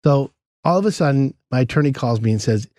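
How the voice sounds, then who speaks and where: A man's voice: mid-range voice, expressive, fast talker, a little mellow, no room sound, clean studio sound. A man co-hosting a podcast, telling a story in casual chat and acting out the other people's voices as he goes.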